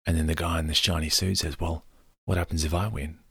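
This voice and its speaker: A man's voice: extremely low pitch, little pitch movement, a little fast, gravelly, a bit bright, husky, no room sound, clean studio sound. A man casually retelling a film scene in a loose, rambling way, with many fillers.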